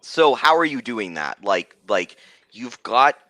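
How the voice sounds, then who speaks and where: A young man narrating as game master, rambling with many halting restarts. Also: mid-range voice, sing-song, sharp tone, no echo.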